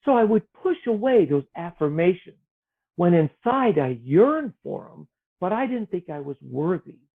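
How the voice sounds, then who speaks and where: A man, an author, talking earnestly and gently about faith and self-worth, sometimes acting out the voices in his head. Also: sits high, very animated, moderate pace, creaky. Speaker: author guest. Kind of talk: reflective spiritual conversation. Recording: tinny phone-like line.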